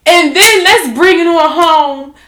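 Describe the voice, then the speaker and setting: A woman's voice: very high-pitched, slow pace, fairly bright tone, reverberant. A woman co-hosting a podcast, talking in a blunt, heated and profane way in casual chat. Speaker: podcast co-host.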